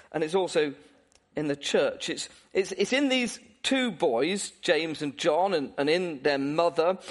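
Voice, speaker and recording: A man preaching a sermon, asking his listeners questions and chuckling now and then, with frequent restarts. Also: high voice.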